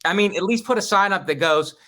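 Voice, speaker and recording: A man's voice: high-pitched, fast talker, bright, forceful tone. A man co-hosting a comedy podcast, riffing with wry jokes and puns. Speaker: podcast co-host. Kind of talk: casual chat.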